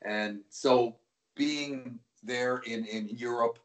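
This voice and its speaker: A man's voice: medium pitch, drawn-out words. Male hockey play-by-play caller as a guest, easygoing anecdotal storyteller, roomy sound. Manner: relaxed, rambling with frequent restarts.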